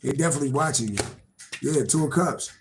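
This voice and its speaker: A man's voice: mid-range voice, fast, slight background noise, poor audio. A man doing a casual live-stream tarot reading, rambling and repetitive, swearing freely and laughing to himself. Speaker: tarot reader.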